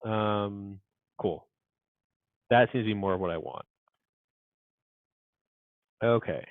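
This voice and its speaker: A man's voice: lowish voice, slow, no echo, phone-quality sound. A man teaching a programming class, thinking aloud as he codes and muttering asides to himself. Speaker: university instructor. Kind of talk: live coding lecture.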